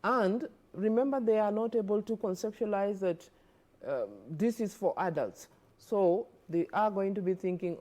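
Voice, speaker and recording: A woman's voice: mid-range voice, moderate pace, dark tone. A woman, a guest expert on a studio television interview, explaining earnestly and often repeating words as she advises parents.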